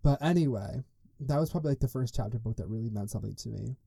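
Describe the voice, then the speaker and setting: A young man hosts a casual solo podcast, telling stories in a chatty, rambling style packed with "like" and side tangents. His medium-pitched voice is fast, creaky, warm and slightly rough, captured in clean studio sound with no echo.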